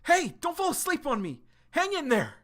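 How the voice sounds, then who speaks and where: A man's voice: wildly swooping pitch, normal speed, fairly bright tone, heavily acted. A man putting on a frantic young woman's voice. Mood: urgent. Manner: high strained pleading. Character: young woman fighter, anxious and urgent.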